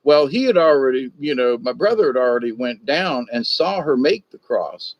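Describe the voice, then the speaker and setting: A man's voice: medium pitch, expressive, moderate pace, no room sound. An older man hosting a livestream, telling a story in a folksy, meandering way with many asides. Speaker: livestream host. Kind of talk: rambling storytelling chat. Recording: dull dry lo-fi sound.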